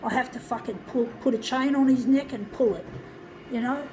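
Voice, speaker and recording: A woman's voice: high voice, normal speed, a little mellow, a little hiss or hum, low-quality recording. A woman ranting angrily to her viewers as a vlogger, swearing heavily and calling them folks. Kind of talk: angry personal rant to viewers.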